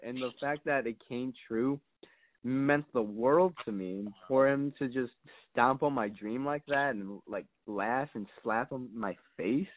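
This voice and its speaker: A young man chatting as a podcast guest, telling stories in a rambling, mock-serious way full of fillers and swearing. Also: mid-range voice. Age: young adult. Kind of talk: casual podcast chat. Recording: dry, tinny phone-like sound.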